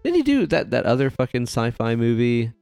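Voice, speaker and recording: Man, podcast host, lively pitch, laid-back, dry sound. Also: fairly quick, creaky, clean tone, dry recording, faint music behind. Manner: laid-back, emphatic, swears casually. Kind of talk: casual chat.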